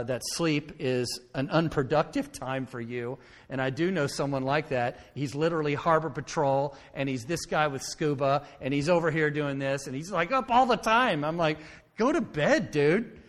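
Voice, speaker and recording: A male pastor giving a conversational sermon, often checking in with "okay?". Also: fairly high pitch. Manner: conversational preaching, frequent "okay?" check-ins. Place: church sanctuary. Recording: long hall reverb.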